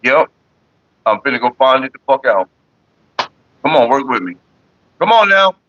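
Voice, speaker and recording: A man's voice: medium pitch, normal speed, fairly bright tone. Profane man ranting at his desk. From Florida. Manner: profane, cussing out bugs. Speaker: streamer. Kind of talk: casual livestream rant. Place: room at a computer desk. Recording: dull lo-fi stream audio.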